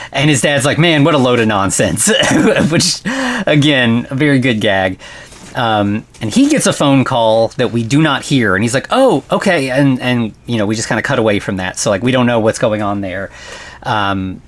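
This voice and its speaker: A man hosting a podcast who recaps a film in casual, rambling chat, full of "like" and "you know" and quick laughs. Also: medium pitch, expressive. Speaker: podcast host.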